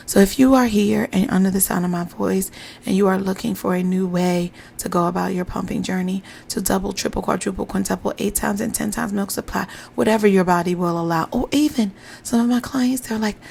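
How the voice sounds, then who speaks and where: Gravelly-voiced woman giving encouraging affirmations. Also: medium pitch, darkish tone. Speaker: podcast host and pumping coach. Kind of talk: motivational affirmations podcast. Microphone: podcast microphone.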